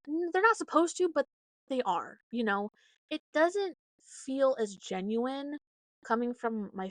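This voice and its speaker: A woman's voice: mid-range voice, vocal fry, no room sound. A young adult woman hosting a casual solo podcast, talking in a chatty, heartfelt way with many fillers. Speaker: podcast host.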